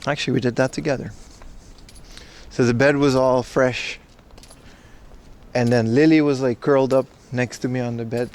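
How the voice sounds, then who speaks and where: A man's voice: mid-range voice, steady tone, moderate pace, long pauses, a little mellow. A sleep-deprived man hosting a casual livestream, joking sarcastically with chat while walking along a city street. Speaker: livestream host. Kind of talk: casual IRL stream chat, reading chat.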